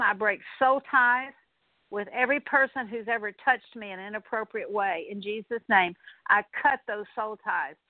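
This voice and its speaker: A woman's voice: a little high, dry recording. A woman minister leading a radio deliverance prayer, speaking earnest, repetitive declarations with occasional fillers. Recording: tinny narrow-band radio sound.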